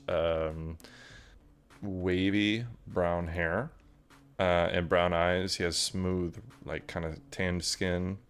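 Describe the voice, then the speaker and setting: A man's voice: low-pitched, smooth. A man narrating a tabletop game as game master in a casual, rambling way with lots of fillers.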